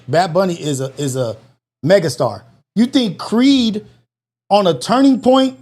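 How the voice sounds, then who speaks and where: A man's voice: high voice, a little mellow. A man hosting a live call-in show, ranting in a blunt, incredulous way and swearing freely.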